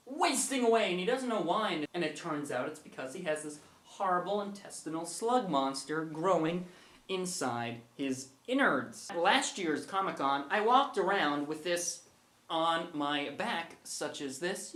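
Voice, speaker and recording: A man's voice: a little high, a bit bright. Enthusiastic young man in an echoey room. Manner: enthusiastic, playful, rambling. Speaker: puppet animator showing his work. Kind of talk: casual video tour. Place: room at home with posters and puppets.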